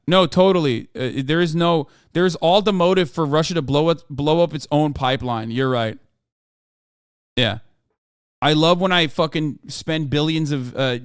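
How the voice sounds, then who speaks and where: A man's voice: medium pitch, clean tone, no room sound, studio quality. A man streaming live, reading news articles aloud and breaking off into sarcastic, profane, heated commentary.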